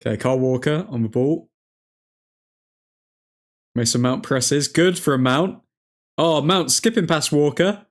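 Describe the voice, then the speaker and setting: A man hosting a live football watchalong, reacting to each chance with loud excitement and grumbling at the referee. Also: a little high, unhurried, pauses often. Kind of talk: live match commentary.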